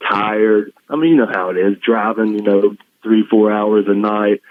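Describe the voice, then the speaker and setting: A man's voice: fairly low pitch, fairly even intonation, moderate pace, no room sound. A man from the American South, a guest telling family stories in casual chat, often laughing. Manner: emotional storytelling with laughs. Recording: dull lo-fi line.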